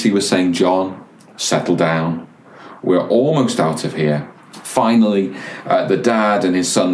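A man preaching a sermon as pastor, earnest and measured, telling stories with careful pauses. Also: lowish voice, a little mellow, echoey room, slight background noise.

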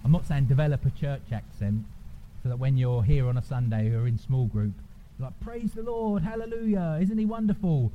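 A man's voice: mid-range voice, narrow, tinny audio. A man giving a conversational sermon, informally checking in with his listeners. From England. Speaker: preacher. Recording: noisy church recording.

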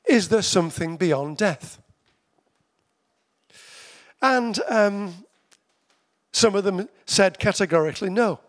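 A man preaching a sermon, his voice pitched high for a man with a gravelly, creaky edge. He talks to his listeners conversationally, then slows right down to hammer home repeated phrases. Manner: conversational, with slow emphatic repetitions.

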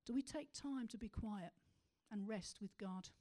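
A woman preaching a sermon, asking rhetorical questions and slowing to stress key words. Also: medium pitch, dark tone.

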